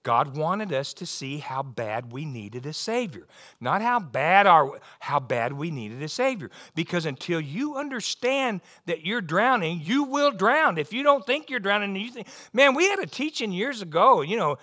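A middle-aged man preaching a sermon, animated, often restarting and repeating words. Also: high voice, normal speed. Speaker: pastor.

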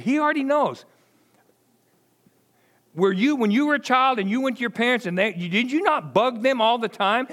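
Animated high-voiced preacher. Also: male voice. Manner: animated storytelling, acts out quoted voices, chuckles often. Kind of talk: conversational sermon.

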